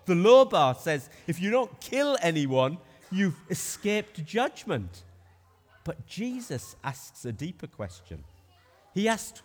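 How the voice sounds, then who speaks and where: Emphatic preacher, lively. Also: male voice, on the high side, slow pace, long reverb tail. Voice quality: emphatic, asks rhetorical questions. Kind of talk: sermon.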